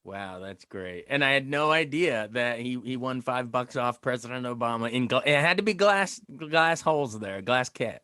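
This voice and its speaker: A man's voice: medium pitch, normal speed, few pauses, pushed and bright, smooth, no echo, clean studio sound. A man hosting an interview, reacting with enthusiasm and stumbling over his words as he asks questions. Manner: enthusiastic reactions with stammered restarts. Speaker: interview host. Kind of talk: casual interview chat.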